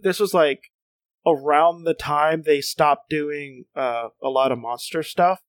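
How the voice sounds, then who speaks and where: A man's voice: on the high side, takes it slowly, dry recording, clean studio sound. A man co-hosting a casual chat, hesitant with many fillers and restarts.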